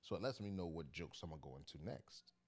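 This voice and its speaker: A man's voice: low voice, animated, quick pace, darkish tone. A man who does stand-up comedy, telling a story in a loose, chatty, slangy way. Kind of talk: casual storytelling to camera.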